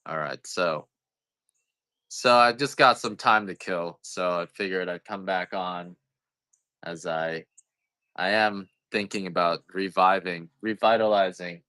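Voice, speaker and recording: A man's voice: low voice, unhurried, pushed and bright, clear, resonant tone, no echo. A man selling coffee on a livestream, chatting casually in a rambling, self-deprecating, joking way. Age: adult parent.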